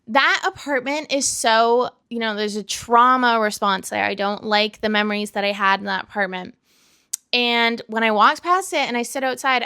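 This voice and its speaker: A woman's voice: on the high side, creaky, a bit bright, no echo, studio quality. A young woman in her twenties from Vancouver, talking candidly and casually in a vlog indoors, full of "like" fillers and self-mocking asides. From Vancouver, Canada. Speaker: vlogger. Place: indoors by a window.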